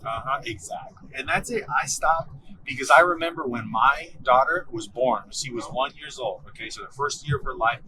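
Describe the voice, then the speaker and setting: A man in his thirties telling a story in casual chat, animated and swearing freely, acting out what his bosses said. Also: medium pitch, normal speed, background noise. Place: car.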